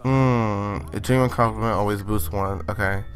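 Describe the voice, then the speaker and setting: A man's voice: fairly low pitch, steady tone, moderate pace. Sassy teenage guy narrating gameplay. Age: late teens. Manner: sassy, chatty running commentary with playful exclamations. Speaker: gaming channel host. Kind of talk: let's play commentary.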